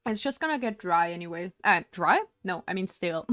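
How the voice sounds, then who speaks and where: A woman's voice: fairly low pitch, lively intonation, a little fast, few pauses, fairly bright tone, dry recording, studio quality. A young woman streaming live from home, chatting casually and rambling while she paints, with frequent laughs.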